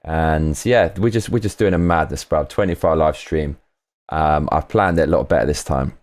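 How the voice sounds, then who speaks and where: A man streaming live while producing a track, casual and excitable, reading chat aloud and swearing. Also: a bass voice, normal speed. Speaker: streamer making music live.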